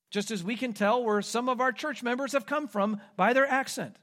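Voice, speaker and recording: High-voiced male preacher. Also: normal speed, few pauses, a bit bright. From American Midwest. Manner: expository preaching, dramatizing quoted lines. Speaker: pastor. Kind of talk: sermon.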